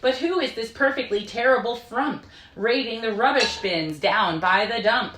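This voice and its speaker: A woman reading a picture book aloud to children in a gentle, expressive storytime manner over a video call, with echo from the room. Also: fairly high pitch, normal speed, hardly any pauses, distant mic, slight background noise. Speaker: storytime reader. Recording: roomy echo.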